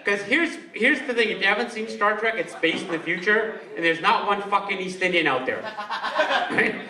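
A man's voice: high voice, moderate pace, sharp tone. A man performing a stand-up comedy set, chatting with the crowd. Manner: conversational, banters with the crowd. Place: comedy club. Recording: echoey club from far off with crowd.

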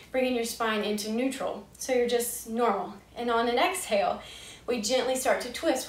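A woman leading a gentle yoga class, giving calm, soothing cues paced with the breath. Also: on the high side, recorded from a distance. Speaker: yoga instructor. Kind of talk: gentle guided yoga instruction. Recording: echoey room, voice a bit off-mic.

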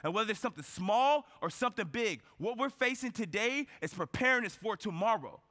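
Male keynote speaker, high bright voice, storytelling style, lots of rhetorical questions. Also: animated, a little fast. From United States. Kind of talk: motivational keynote speech. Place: large event hall on stage. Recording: reverberant conference hall.

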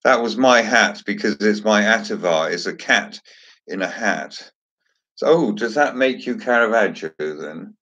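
A man's voice: lowish voice, expressive, unhurried, bright, forceful tone, dull audio. A man hosting a casual chat, joking and chatty with theatrical asides. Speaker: host.

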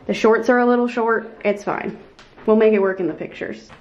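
A young woman vlogging casually, bubbly and excitable, often laughing. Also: fairly high pitch, brisk, lo-fi sound. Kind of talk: casual vlog chat.

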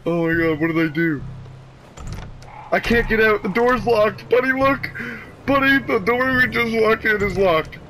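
A young man hosting casual gameplay commentary, excitable and profane, easily spooked. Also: sits high, moderate pace, a little hiss or hum, rough recording. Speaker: gaming channel host.

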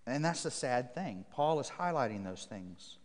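A man's voice: mid-range voice, lively intonation, moderate pace. Preaching man in a reverberant church. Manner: emphatic, repetitive preaching cadence; reads scripture aloud to the congregation. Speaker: pastor. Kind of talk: sermon. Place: church sanctuary.

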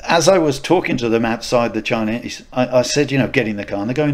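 Talking fast with few pauses, a middle-aged man at medium pitch co-hosts a podcast. He tells anecdotes casually, with lots of laughter and restarts.

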